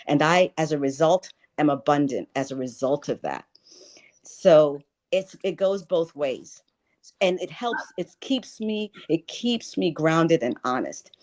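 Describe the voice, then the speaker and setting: A woman in her sixties with a notably low voice talks earnestly as an interview guest. She speaks with conviction and repeats key phrases for emphasis. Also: a little mellow. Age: 60s. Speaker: guest, life and wealth coach. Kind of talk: spiritual interview talk.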